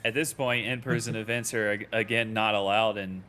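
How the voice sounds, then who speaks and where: A man with a somewhat low voice co-hosts live esports commentary. He talks in an easygoing, teasing way and chuckles often. His delivery is casual and conversational. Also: steady tone, brisk, pushed and bright.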